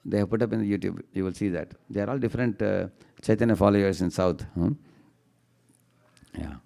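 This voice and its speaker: Low gravelly man giving devotional talk. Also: fairly even intonation, dark tone. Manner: chants verses in a slow singsong; tags lines with questioning "huh?" to the audience. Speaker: speaker giving a devotional class. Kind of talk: devotional storytelling lecture.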